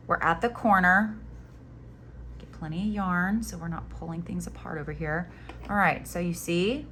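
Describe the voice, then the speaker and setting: Brief: woman, lower voice, light Southern US accent, relaxed crochet tutorial, chatty asides, faint room noise. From Florida Panhandle, US. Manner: chatty, joking asides, guides step by step. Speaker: crochet instructor.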